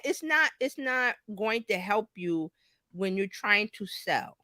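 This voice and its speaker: A middle-aged woman co-hosting a casual business chat, animated and jumping high in pitch when she quotes herself. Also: slow pace, no echo. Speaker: co-host, business coach. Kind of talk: casual live-stream chat.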